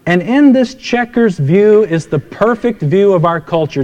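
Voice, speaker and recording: Male pastor, slightly higher voice, chatty sermon delivery, long hall reverb. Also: expressive, unhurried, few pauses, darkish tone. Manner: conversational, tells anecdotes, acts out dialogue.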